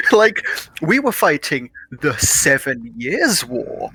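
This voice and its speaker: A man's voice: on the high side, pushed and bright, slightly rough. A British man joking and laughing with friends while streaming a game. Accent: British English. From Britain. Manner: joking, laughs often, quick comebacks. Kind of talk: casual gaming banter.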